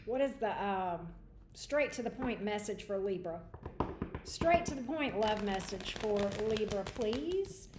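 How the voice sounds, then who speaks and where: A woman's voice: medium pitch, lively intonation, measured pace, noisy background. A woman hosting a livestream tarot reading, chatty and greeting viewers by name. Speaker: tarot reader. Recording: echoey room.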